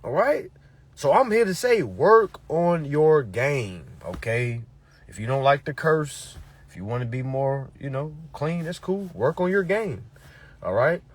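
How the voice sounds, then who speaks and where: This man's voice is on the high side and husky, very animated yet unhurried. As a motivational speaker lecturing his followers, he hammers points home and repeats himself, scattering profanity and "all right?" throughout.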